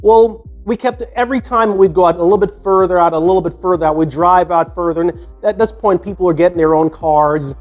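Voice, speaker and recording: A Jamaican-accented man in his sixties hosts a podcast, reminiscing in a loose, rambling monologue full of restarts and "you know" asides. His voice sits notably high for a man. A faint bed of music plays quietly beneath him. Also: a little fast, few pauses, muffled recording. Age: 60s. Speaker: podcast host. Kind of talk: casual storytelling monologue.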